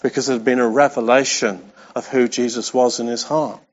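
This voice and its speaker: A man's voice: medium pitch, fairly even intonation, normal speed. A man preaching a sermon in a conversational way, talking straight to the congregation and repeating key phrases for emphasis. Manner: conversational, speaks directly to the congregation. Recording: dull lo-fi sound.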